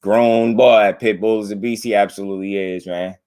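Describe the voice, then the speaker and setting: Deep-voiced laid-back livestream host. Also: male voice, steady tone, normal speed, darkish tone, clean tone. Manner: laid-back, laughing, talks to chat. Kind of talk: casual livestream commentary.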